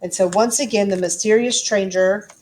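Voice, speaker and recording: A woman's voice: mid-range voice, fairly even intonation, normal speed, a little mellow, slight background noise. A woman teacher reading a storybook aloud and explaining it to her class in a chatty way. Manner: chatty, explanatory, frequent ums.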